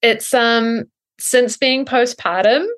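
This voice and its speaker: Speaking slowly and a little high, the woman, a breathwork coach in her thirties, gives thoughtful explanations in a podcast interview. Ums and soft laughs come up often.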